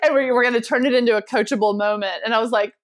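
A woman's voice: fairly high pitch, very fast. A woman business coach talking as a guest in an interview. She tells stories with energy, acts out what other people said, and laughs often. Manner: animated storyteller, acts out quotes, laughs often. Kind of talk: casual interview conversation.

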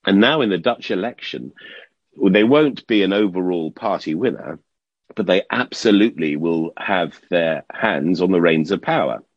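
A man's voice: low-pitched, husky, no room sound, muffled recording. A man giving chatty, wry commentary on the news as a regular guest on a talk show. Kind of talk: casual commentary.

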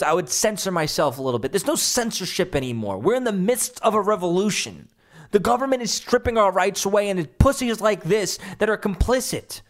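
A man hosting a podcast, ranting in a heated, profane way. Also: high voice. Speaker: podcast host. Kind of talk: angry political podcast rant.

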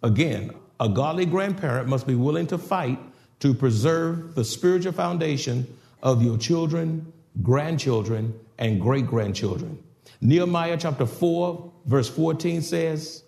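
An older man preaching a sermon in a church, swinging from shouted exhortation to hushed passages. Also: a little high, expressive, a little slow, creaky. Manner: preaching with rising shouts and sudden quiet passages. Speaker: pastor. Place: church sanctuary. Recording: roomy church echo.

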